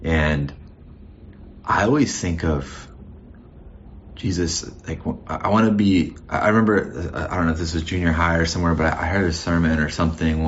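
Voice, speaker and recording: A pastor with an exceptionally deep, low voice gives a casual, thoughtful sermon, circling back and restarting his phrases as he goes. The recording sounds muffled and lo-fi, with a faint hum of ambience underneath. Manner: conversational and reflective, with frequent restarts.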